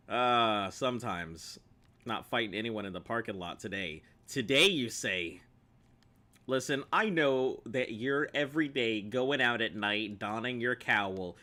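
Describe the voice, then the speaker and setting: A man's voice: medium pitch, bright, forceful tone. A man streaming gameplay, joking playfully with his viewers and laughing often. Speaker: game streamer. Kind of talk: gameplay commentary chatting with viewers.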